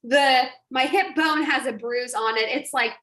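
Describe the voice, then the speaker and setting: A woman coach telling an animated story on a live stream, acting out quotes and laughing often. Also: high-pitched, measured pace, reverberant. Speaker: online business coach.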